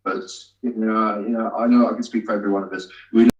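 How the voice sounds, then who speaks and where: Halting man, distant echoey sound. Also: on the low side, fairly even intonation, a little mellow, muffled recording. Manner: halting, many fillers and restarts. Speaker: guest, amateur actor. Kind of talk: casual interview chat.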